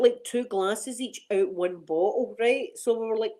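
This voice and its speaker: A woman's voice: fairly high pitch, moderate pace, mellow, low-quality recording. A middle-aged Scottish woman hosting a casual chat on her ASMR channel, rambling and laughing often.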